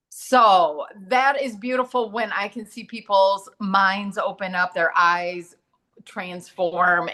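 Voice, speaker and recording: A woman's voice: mid-range voice, sharp tone. A middle-aged woman, a medium and massage therapist, talking earnestly as a guest and acting out the voices in her stories. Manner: earnest, storytelling, acts out quoted dialogue. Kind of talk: casual talk-show conversation.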